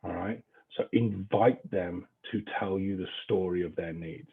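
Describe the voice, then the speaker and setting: A man's voice: low-pitched, unhurried, creaky, breathy edge, narrow, tinny audio. A man with an English accent leading a real estate training class in a chatty, informal way, swearing now and then. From England.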